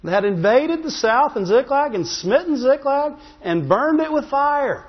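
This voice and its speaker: High-voiced preacher in a reverberant church. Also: male voice, very animated, unhurried. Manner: constantly asking the congregation "Amen?"; humorous, storytelling delivery. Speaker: pastor. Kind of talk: sermon. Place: church sanctuary. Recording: long hall reverb, dull sound.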